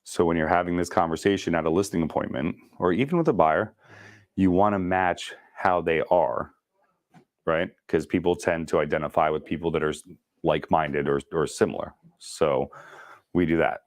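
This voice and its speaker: A man running a casual real estate sales training, talking fast and joking with the group. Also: low voice, no echo, clean studio sound. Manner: talks fast, chatty and joking.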